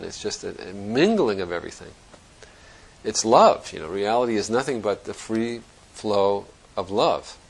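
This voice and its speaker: A man's voice: fairly low pitch, poor audio. A man giving a Zen dharma talk to students, thinking aloud in a reflective, conversational way and often restarting his sentences. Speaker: Zen teacher.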